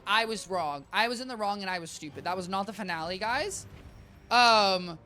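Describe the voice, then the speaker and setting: Soft background music plays as this game streamer chats on with viewers during play, rambling and addressing chat as "guys." The mid-range voice is bright and forceful at a moderate pace, though slightly worn out.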